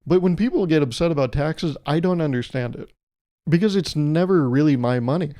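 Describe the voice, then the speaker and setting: Man, podcast host, comedic rambling monologue, warm mellow tone, fairly high voice. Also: brisk. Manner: rambling, jokey, laughs at own jokes.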